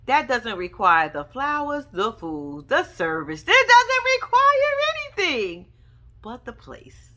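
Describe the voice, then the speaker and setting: Sassy young woman roasting a reality show, high and bright, swoops all over when she mocks folks. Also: slow. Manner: sassy, animated, mocking imitations. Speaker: reality TV recap vlogger. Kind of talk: casual recap commentary.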